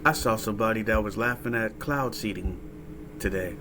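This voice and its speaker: A man's voice: fairly low pitch, normal speed, background noise. A man hosting a casual reaction commentary, rambling and profane, often tagging lines with "right?" and "huh?". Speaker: host reacting to a clip.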